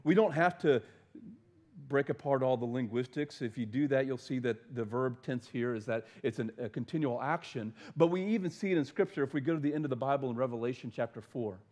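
A man's voice: medium pitch, darkish tone. A man preaching a sermon, earnest, stumbling over and repeating words, often asking his listeners questions. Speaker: pastor.

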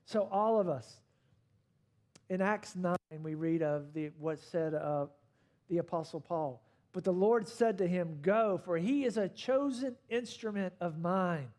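A man's voice: high-pitched, measured pace, a little mellow. A man preaching a sermon as pastor, speaking emphatically with swells and drops in intensity. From not from Australia.

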